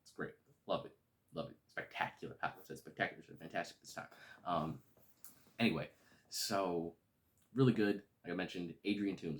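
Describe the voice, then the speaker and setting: A man casually reviewing a movie, relaxed and rambling with lots of fillers. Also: sits low.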